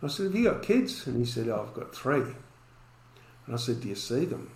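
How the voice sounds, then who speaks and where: A man's voice: mid-range voice, big pitch swings, brisk, vocal fry, a little mellow, echoey room, slight background noise, rough recording. A man, a podcast guest telling a story and acting out the dialogue in it.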